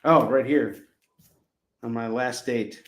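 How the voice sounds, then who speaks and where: A man hosting a casual live shopping stream, pitching comic books with rambling jokes and laughing at himself. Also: slow, fairly bright tone, echoey room. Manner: jokey, rambling, laughs at his own jokes.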